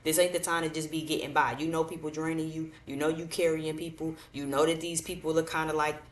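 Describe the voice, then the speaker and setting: Woman, tarot reader, very low voice, blunt and repetitive, echoey room, far from the mic. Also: little pitch movement, quick pace. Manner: blunt, repetitive, colloquial, addresses the viewers directly. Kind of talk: casual tarot reading.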